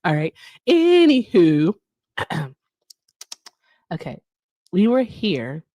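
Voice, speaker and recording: A woman's voice: fairly low pitch, lively intonation, unhurried, no room sound. A woman hosting a casual livestream, chatty and laughing often as she talks straight to her viewers. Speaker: livestream host.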